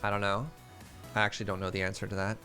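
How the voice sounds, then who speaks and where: A streamer playing a modded block-building game chats casually while gaming, answering chat questions, telling stories and laughing often. He talks very fast with a fairly low, flat, sharp-toned voice, and soft music plays in the background.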